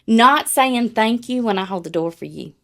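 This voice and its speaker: A woman's voice: on the high side, lively intonation, normal speed. A woman, co-hosting a podcast in casual, blunt, profane chat. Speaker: podcast co-host.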